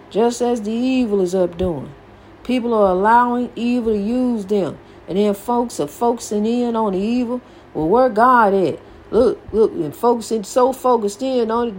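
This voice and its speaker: A woman's voice: fairly high pitch, darkish tone, a little hiss or hum. An older woman hosting a podcast, giving a folksy, preachy motivational talk and repeating her phrases for emphasis. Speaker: podcast host.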